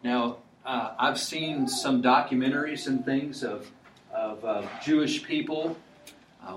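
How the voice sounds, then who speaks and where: A male preacher talks through a sermon in a loose, conversational way, stumbling over restarts and fillers. His voice sits at an ordinary pitch. He sounds echoey and picked up from a distance, like a mic across a church hall.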